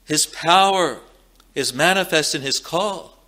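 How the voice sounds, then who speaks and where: Slow, bright-voiced male preacher. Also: on the high side. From Scotland. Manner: slow, measured preaching with solemn emphasis and repeated phrases. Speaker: pastor. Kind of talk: sermon.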